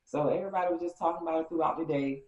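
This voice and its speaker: A woman telling a casual storytime story, animated and acting out each exchange with swinging pitch. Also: very fast. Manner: animated, acts out dialogue with lively pitch swings. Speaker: storyteller vlogger. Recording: roomy, slightly dull recording.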